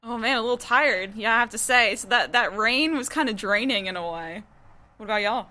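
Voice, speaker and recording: Bright, chatty female co-host. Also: fairly high pitch, brisk. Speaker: podcast co-host. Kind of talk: sports podcast chat.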